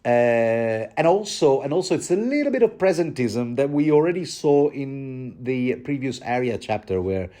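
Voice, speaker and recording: A man's voice: medium pitch, big pitch swings, normal speed, hardly any pauses, mellow. A man giving a rambling, joking commentary on a book chapter, often stumbling and restarting.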